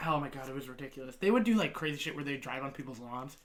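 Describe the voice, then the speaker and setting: A young man telling a wild story in a casual podcast chat, swearing often and getting loud when he laughs, his voice worn out from talking. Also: medium pitch, animated, racing. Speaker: podcast co-host.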